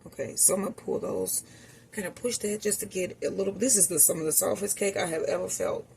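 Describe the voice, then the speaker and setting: A woman with a low, gravelly voice chats through a cooking vlog in her home kitchen. She talks straight to her viewers and calls them y'all. A faint hum of the room sits behind her. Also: a little fast, darkish tone. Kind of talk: casual cooking vlog narration.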